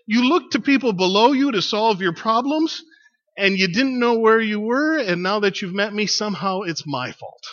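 A shrill, indignant woman engineer lays into a lost balloonist, her voice pitched high and bright, as a male preacher puts her on. The sound is dull and lo-fi, like an older church recording. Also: lively intonation, moderate pace. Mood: scolding. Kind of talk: joke told in a sermon.

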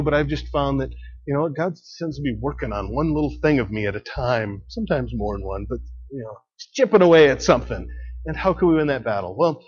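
Guy giving a chatty sermon, bit high voice, husky, muffled lo-fi sound. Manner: conversational, laughs often, emphatic swings in loudness. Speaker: preacher.

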